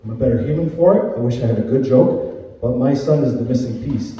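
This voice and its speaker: A man's voice: mid-range voice, brisk, warm tone, heavy reverb, long reverb tail, distant mic, low-quality recording. A man from Canada in his thirties doing a conversational stand-up comedy set, often tagging his lines with "right?". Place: comedy club stage.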